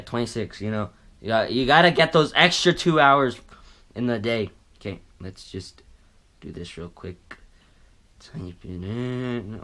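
A man with a lowish, fairly bright voice chats casually to his vlog viewers. He rambles goofily and keeps cutting himself off.

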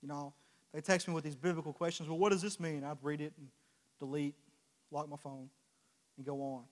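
A young adult man preaching a sermon, impassioned, moving from quiet confession to loud exhortation with repeated rhetorical questions. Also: on the high side, flat delivery, normal speed. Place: church sanctuary. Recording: long church hall reverb.

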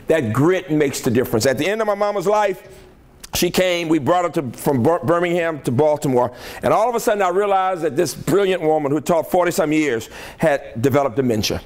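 Speaking somewhat high with a darkish tone, an older man from the American South delivers a motivational keynote as a college president in a conference hall. His style is rhetorical and emphatic, with frequent check-ins with listeners.

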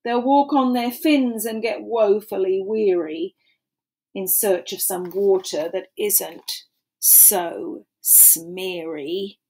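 A woman voicing a grumpy old male forest creature with a croaking, coughing voice, reading a storybook aloud. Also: medium pitch, mellow, poor audio. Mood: mournful. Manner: croaking, coughing, slow and scolding.

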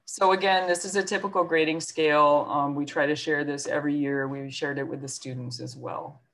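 A woman's voice: low voice, fairly even intonation, a little fast, a bit bright. A woman school counselor with a New York accent, giving a chatty presentation to parents on a video call with many fillers and self-deprecating asides.

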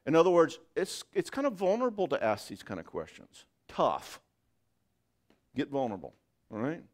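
Animated, joking man speaking at a marriage conference. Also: a little high, normal speed. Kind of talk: conference talk to couples. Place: church.

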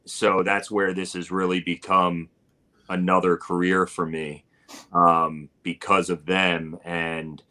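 A barbecue cook, appearing as a guest in a casual live-stream interview, tells a story while rambling with plenty of fillers. His low voice moves little in pitch, with a slow pace and a sharp tone.

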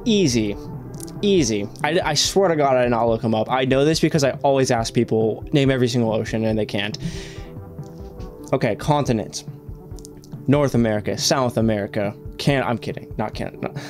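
A man's voice: mid-range voice, a little mellow. A man hosting a reaction video, rambling in casual commentary, swearing often and filling his talk with "like".

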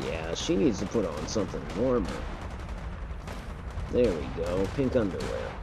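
A man's voice: sits low, sing-song, measured pace, vocal fry, noisy background. A man streaming a game, giving casual commentary, rambling, correcting himself and swearing casually. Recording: loud game gunfire behind voice. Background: game gunfire and artillery.

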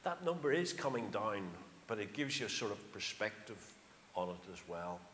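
A man's voice: fairly low pitch, very animated, moderate pace, fairly bright tone. A middle-aged man with a County Armagh accent gives a chatty, anecdotal church talk as a charity speaker, stressing his numbers. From Northern Ireland. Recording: echoey church hall, faint noise.

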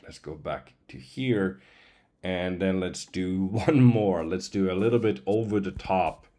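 A man, a professional voice-over artist, casually explaining and testing voice tools, chatty with small asides. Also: sits low. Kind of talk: casual tutorial chat.

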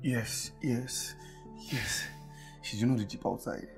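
A man's voice: mid-range voice, fairly even intonation, unhurried, music in the background, lightly acted. A man playing a stammering, panicked brother. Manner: stammering, repeating words in panic. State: distraught. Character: panicked man pleading for his brother's help. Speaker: man who found a dead woman at home. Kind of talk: film drama acting.

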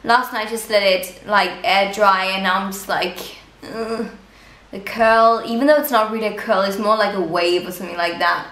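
A young Danish woman, a native speaker with a medium-pitched, steady and slightly bright voice, talks casually to the camera as a beauty vlogger. She's bubbly and gushing, tossing quick asides to her viewers from a room at home that sounds echoey.

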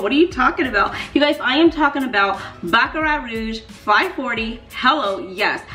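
Lively woman chatting about perfumes, kinda high voice, room echo. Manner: animated, playful, emphatic repetition. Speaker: fragrance reviewer. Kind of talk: casual vlog review. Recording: echoey room.

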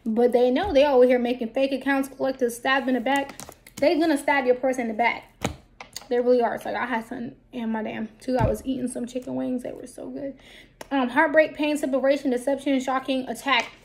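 High-voiced woman giving a blunt tarot reading. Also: fairly quick, gravelly. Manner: blunt, profane, lively talk. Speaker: tarot card reader. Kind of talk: casual tarot reading for viewers.

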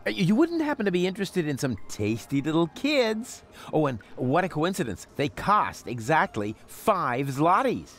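A man's voice: a little high, big pitch swings, normal speed, few pauses, a bit bright. An actor voicing a cocky, sarcastic young man in a video game, talking in a smug, scheming way. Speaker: game protagonist.

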